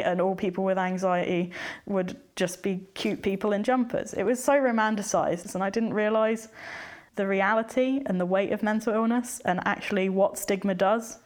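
A woman's voice: medium pitch, a little mellow. A young woman from England speaking candidly as an interview guest, retelling her experiences and acting out her past thoughts. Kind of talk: personal testimony in conversation.

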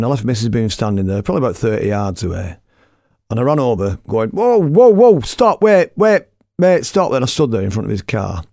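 A middle-aged man telling a story in a lively, blunt, self-mocking way, as a radio presenter. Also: fairly low pitch, vocal fry, no echo, clean studio sound. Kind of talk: casual anecdotal storytelling.

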